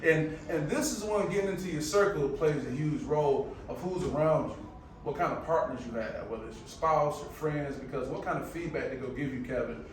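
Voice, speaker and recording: A man with a high voice delivers a live motivational presentation, throwing out casual, preacher-like calls to the room. He sounds far from the mic in a very echoey space with faint background noise. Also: a little fast. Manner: energetic, preacher-like call and response; casual, colloquial phrasing. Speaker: motivational speaker. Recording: very echoey room, picked up from afar.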